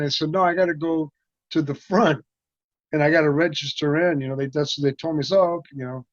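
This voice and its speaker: Guy rambling thru old stories, does little voices for everyone, kinda high voice, dull dry sound. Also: moderate pace, no room sound. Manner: rambling, animated, acts out quoted voices. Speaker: interview guest, martial arts actor. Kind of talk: casual storytelling.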